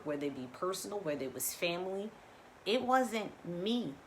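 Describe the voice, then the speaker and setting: A woman coach giving a live spiritual talk at a middle pitch. She repeats phrases for emphasis and addresses her viewers directly. A faint hiss sits under her voice. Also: bright, forceful tone.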